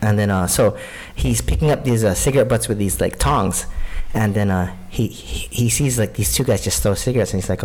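Male podcast co-host, lower voice, loose storyteller with crude humor. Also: a little fast, darkish tone. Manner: rambling, crude jokes, many fillers. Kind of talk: casual chat, storytelling.

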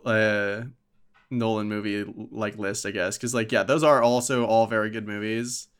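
A man's voice: lowish voice, fairly even intonation, moderate pace, clean tone. A man co-hosting a podcast in casual chat, laid-back and agreeable, mostly answering with short replies. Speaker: podcast co-host.

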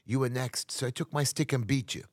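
A man's voice: mid-range voice, steady tone, brisk, breathy edge, no room sound, studio quality, voice pushed up, lightly acted. A man voicing a remorseful former capo who explains himself in an earnest, pleading way.

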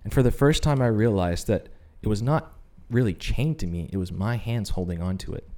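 A man's voice: on the low side, animated, brisk, dark tone. A man sharing his personal faith testimony on a podcast, telling it as an earnest story. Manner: earnest storyteller, acts out quoted voices. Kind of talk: personal testimony, casual chat.

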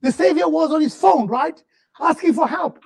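A man preaching a sermon, swinging between fervent shouts and low, drawn-out murmurs. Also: creaky.

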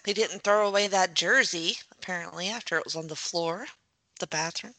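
A woman co-hosting a podcast, chatting casually during a movie watch-along, playful with quick reactions and frequent laughter. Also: fairly low pitch, bright, forceful tone, no room sound. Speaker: podcast co-host.

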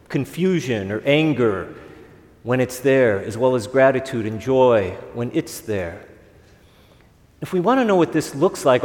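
A man's voice: medium pitch, a little mellow. A man, a priest, giving a conversational homily at an evening Mass, asking the congregation rhetorical questions. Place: church. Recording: long reverb of a church.

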